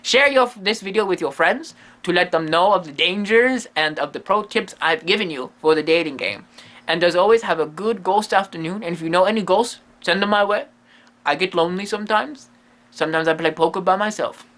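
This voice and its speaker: Staying in character as the goofy ghost medium, this male comedy vlogger's voice sits high, fairly bright, and fairly quick. The quirky, lonely, self-amused figure rambles in broken English, leaving out his articles throughout the comedic monologue.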